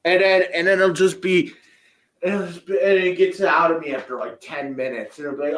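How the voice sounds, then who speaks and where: A man's voice: a little high, fairly even intonation, brisk, a bit bright, reverberant. A man telling a story in casual, profane chat, rambling and restarting often. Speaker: guest being interviewed.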